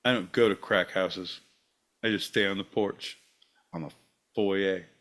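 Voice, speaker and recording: A man's voice: low-pitched, steady tone, unhurried, a bit bright. A man hosting a podcast in casual comedic chat, rambling and joking. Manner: rambling, jokey, bursts into silly voices. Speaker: podcast host.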